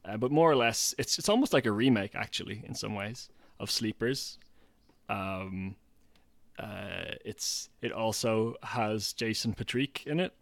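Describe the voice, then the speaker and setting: A man talking casually as a guest, halting and repeating himself as he searches for words. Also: lowish voice, vocal fry, fairly bright tone, no echo. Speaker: guest filmmaker. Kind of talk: casual chat.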